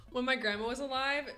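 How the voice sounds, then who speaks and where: A Canadian woman streaming a game, chatting casually with her chat, giggly and full of "like" fillers. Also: high voice. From western Canada. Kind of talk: casual live-stream chat while gaming.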